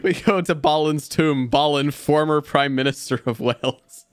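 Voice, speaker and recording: A man chatting excitedly with friends while playing a strategy game, laughing often and swearing as he jokes around. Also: fairly high pitch, normal speed, clean tone, dry recording, studio quality. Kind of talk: casual gaming banter over voice chat.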